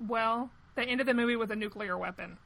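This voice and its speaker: A woman's voice: fairly high pitch, fairly quick, creaky, a crowd in the background, poor audio. A woman in casual film discussion, talking in a hesitant, musing way that trails off. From United States.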